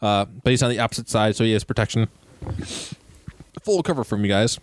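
A man's voice: on the low side, a little hiss or hum. Man running a tabletop game. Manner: halting, with many fillers and restarts. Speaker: game master.

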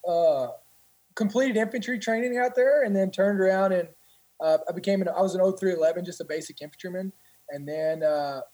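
A guest who is a former Marine tells stories casually, rambling and profane with many restarts. His voice sits high with a darkish tone and a fairly quick pace, heard over poor audio.

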